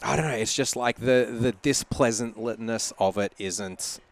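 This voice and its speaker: A man being interviewed on a podcast, speaking in a relaxed, thoughtful way and laughing easily. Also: mid-range voice, a little slow, gravelly. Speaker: podcast guest. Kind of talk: casual conversational interview.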